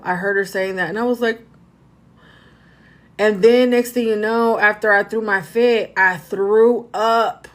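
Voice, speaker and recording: A woman's voice: mid-range voice, steady tone, measured pace. A woman reader chatting casually on a livestream, rambling, repeating herself and talking straight to her viewers.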